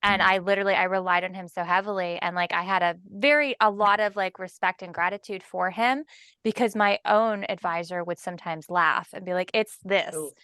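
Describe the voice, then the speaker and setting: A woman's voice: fairly low pitch, fairly even intonation, normal speed, pushed and bright, smooth, no room sound. A woman hosting a podcast, chatting casually, laughing often and leaning on fillers. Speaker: podcast host. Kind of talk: casual chat.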